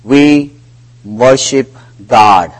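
A man delivering a sermon at a slow, measured pace. His phrasing is non-native and deliberate, and he lowers his voice when he recounts conversations. His pitch sits in an ordinary middle range. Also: low-quality recording. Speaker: preacher.

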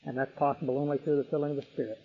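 A man's voice: mid-range voice, little pitch movement, racing, slightly rough. A man preaching an expository sermon, emphatic, with vivid illustrations. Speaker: pastor. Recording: tinny radio broadcast with long reverb.

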